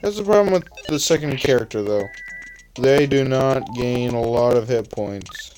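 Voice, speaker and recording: A man's voice: medium pitch, lively intonation, moderate pace, a little mellow, soft background music, rough recording. An eighteen-year-old man from Canada, rambling through casual gameplay commentary, often correcting himself mid-sentence. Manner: rambling, self-correcting, chatty asides. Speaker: let's play host. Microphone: phone screen-recorder mic.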